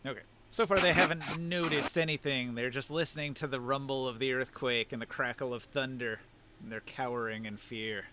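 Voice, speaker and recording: A man running a tabletop game as game master, narrating scenes in a descriptive way and pausing to find words. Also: mid-range voice, steady tone, sharp tone, slight background noise.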